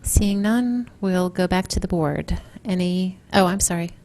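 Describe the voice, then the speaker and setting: A woman's voice: on the low side, unhurried, a little mellow. A woman chairing a school board meeting, brief and procedural as she calls for speakers.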